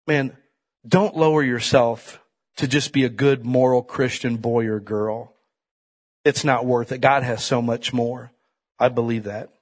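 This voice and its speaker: A man preaching a sermon in a conversational style, swinging from loud emphatic peaks to quiet asides and often turning to the congregation with "right?" and "man". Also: mid-range voice.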